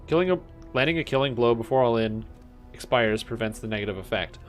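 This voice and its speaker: A young man commentating a game on his stream, casual and quick to get excited. His voice sits at an ordinary middle pitch, and faint music plays under his talk. He swears freely and drops into silly offhand voices. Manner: excitable, swears, chats with viewers.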